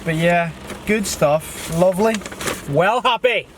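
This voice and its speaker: Slow and high-voiced, this young man vlogs casually from tour on an action camera held in hand, swearing freely as he talks. The actor's recording carries a little hiss or hum.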